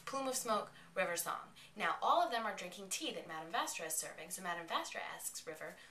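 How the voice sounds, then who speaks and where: A woman giving a chatty, excited recap of a television episode. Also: fairly low pitch, brisk, slight background noise. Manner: excitable, chatty retelling with quoted lines. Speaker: vlogger reviewing an episode. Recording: echoey room, mic at a distance.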